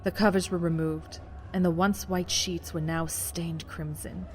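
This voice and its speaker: Man narrating a dark audiobook. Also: fairly high pitch, flat delivery, measured pace, slight background noise. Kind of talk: scripted narration.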